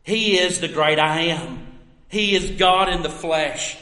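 A man's voice: on the high side, slow. Echoing, earnest male preacher. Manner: earnest, with many questions to the listener, swinging from loud to soft. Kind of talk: sermon. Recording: roomy hall with long echo.

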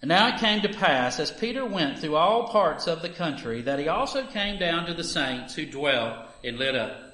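A man's voice: animated, normal speed, bright, forceful tone. A man reading scripture aloud at a church service with emphatic delivery. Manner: emphatic reading that lifts in pitch and volume for the scripture. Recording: echoey room.

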